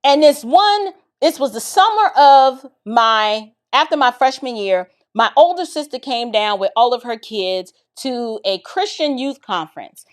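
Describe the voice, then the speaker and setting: Animated high-pitched woman telling a story. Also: a little slow, few pauses. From the Bronx, New York. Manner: animated and expressive, addresses listeners directly. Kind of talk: casual storytelling to camera.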